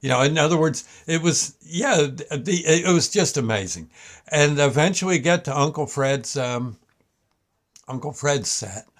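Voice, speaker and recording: A man's voice: a little high, animated. Older man reminiscing in a meandering way. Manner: meandering, halting storyteller. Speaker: show host. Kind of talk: casual reminiscence.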